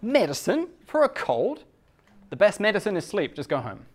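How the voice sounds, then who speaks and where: A man's voice: sits high, huge pitch swings, normal speed, slight background noise, pitched above the performer's own voice. A British man acting out an impatient male doctor who scolds a patient in an exasperated voice.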